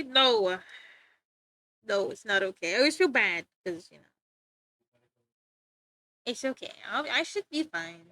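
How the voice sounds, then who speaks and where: A woman's voice: high-pitched, pushed and bright, no room sound. A young woman streaming live while drawing, chatting playfully with viewers and giggling often. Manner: giggly, playful, rambling, talks to chat.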